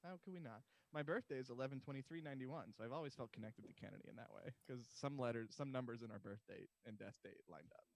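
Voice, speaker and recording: A man's voice: medium pitch, quick pace, creaky, few pauses, dry recording. Joking young man co-hosting a podcast. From Massachusetts. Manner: jokey, rambling, self-deprecating. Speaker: podcast co-host. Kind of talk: casual chat.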